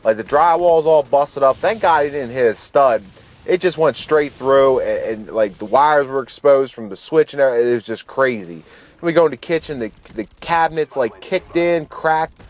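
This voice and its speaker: A man in his thirties telling a casual story over gameplay as host of his channel, in a relaxed, slangy and profane way with frequent restarts. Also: mid-range voice, moderate pace.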